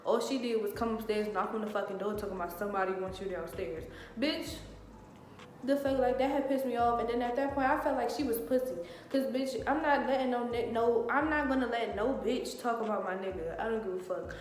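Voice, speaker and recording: A young woman telling a profane, animated story in casual storytime style, recorded in a dorm room. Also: a little high, fast talker, hardly any pauses, a little hiss or hum. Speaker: vlogger. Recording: very echoey room with long reverb.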